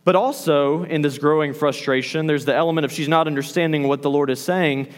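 A man preaching a sermon as a pastor, animated, acting out the lines he quotes. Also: a little high, brisk, big-room sound.

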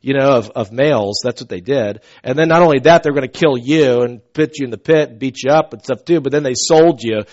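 A man preaching a conversational sermon, telling stories with swings from soft asides to loud outbursts. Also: mid-range voice, a little fast, hardly any pauses. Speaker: pastor. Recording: dull lo-fi recording.

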